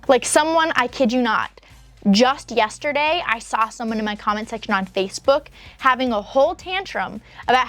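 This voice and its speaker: Young woman w a high voice doing storytime, sarcastic and emphatic, light music under it. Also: dry recording. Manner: emphatic and sarcastic, with drawn-out pauses. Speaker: storytime host reading and reacting to submissions. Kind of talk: casual storytime commentary and reading aloud. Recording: soft background music.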